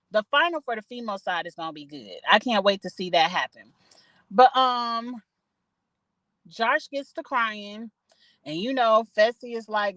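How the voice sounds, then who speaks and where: A woman's voice: on the high side, a bit bright, no echo, low-quality recording. A woman giving a chatty, opinionated reality show recap from her parked car, full of gossipy asides. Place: parked car in a parking lot.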